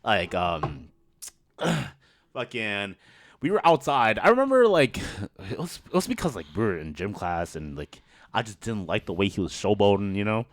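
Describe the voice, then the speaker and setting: Animated, laughing young man telling stories. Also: lowish voice, normal speed, dry recording. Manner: laughs often, swears freely, animated retelling. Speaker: podcast host. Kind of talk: casual storytelling chat.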